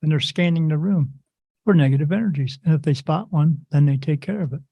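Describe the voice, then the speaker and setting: A man with a slightly high voice tells stories in a loose, rambling way, breaking off and restarting his sentences as he goes. He brings the stories to life by acting out what each person says. The sound is dull and lo-fi, recorded close in a dead, dry space. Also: fairly quick, vocal fry, dry recording. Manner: animated storyteller who acts out the voices of others in his stories. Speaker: podcast guest, spirit medium. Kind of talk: casual interview chat.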